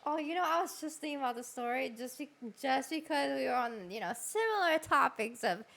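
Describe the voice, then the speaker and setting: Super high bright girl voice, young woman streamer, laughing while telling a gross story. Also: lively intonation, brisk, creaky, soft background music. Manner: loud, laughing, crude storyteller. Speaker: streamer host. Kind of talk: casual stream chat.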